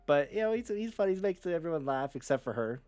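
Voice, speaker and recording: A man's voice: fairly high pitch, lively intonation, fast, a little mellow, dry recording, faint music behind. A man co-hosting a casual manga chapter review, loose and profane, acting out characters in quoted lines. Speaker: podcast co-host.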